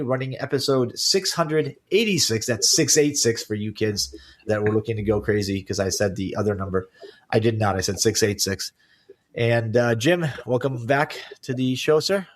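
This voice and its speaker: A man hosting a cybersecurity podcast in casual chat, joking and often repeating words as he starts a sentence. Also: mid-range voice. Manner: chatty, jokey, repeats words when starting. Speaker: podcast host.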